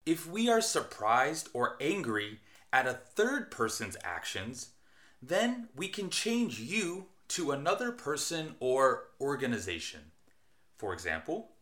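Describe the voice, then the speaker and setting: A man teaching an English lesson, reading out example sentences slowly and carefully. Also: mid-range voice, very animated, bright, forceful tone. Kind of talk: scripted English lesson narration.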